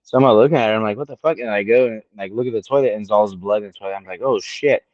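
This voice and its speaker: Talking very fast in a fairly low pitch, a late-thirties male podcast co-host spins a crude, casual personal tale, voicing the other people in it with animated quotes. The recording is dry, with the high frequencies clipped.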